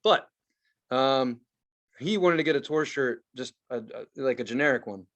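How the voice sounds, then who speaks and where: A man co-hosting a podcast, telling a story in casual chat, swearing a lot and acting out quotes loudly. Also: mid-range voice, normal speed. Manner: profane, animated storytelling with loud acted-out quotes. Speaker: podcast co-host.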